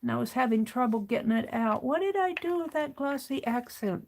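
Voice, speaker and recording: Brief: woman craft streamer, rambling self-talk, gravelly fry in her voice. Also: a little high, animated, a little fast, few pauses, background noise. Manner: rambling, talks to herself as she works. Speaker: craft livestream host. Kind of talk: casual chat while crafting.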